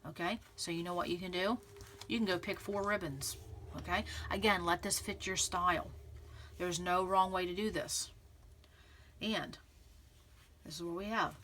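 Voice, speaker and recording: A woman hosting a scrapbooking channel talks casually and encouragingly to her viewers in a tutorial, often saying "okay" and "again," and she clears her throat because of pollen. Her voice is on the low side and a bit bright, with a steady tone and normal speed. There is slight background noise.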